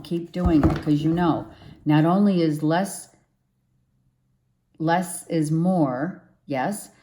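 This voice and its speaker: A woman's voice: on the low side, background noise. A woman tarot reader giving an earnest, encouraging and emotional spiritual pep talk to the camera.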